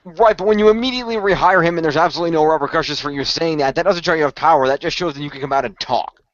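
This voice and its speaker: A man's voice: fairly high pitch, rapid-fire, no room sound. A man co-hosting a casual wrestling chat, arguing his point at length and rambling. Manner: argumentative, rambling. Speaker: podcast co-host. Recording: dull dry lo-fi audio.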